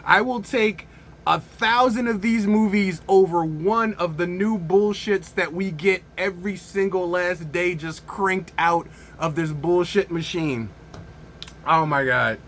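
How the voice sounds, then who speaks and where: High, bright-voiced excited male reviewer. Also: unhurried, slight background noise. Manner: excited, laughing fits, slangy. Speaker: movie reviewer and host. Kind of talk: casual video review.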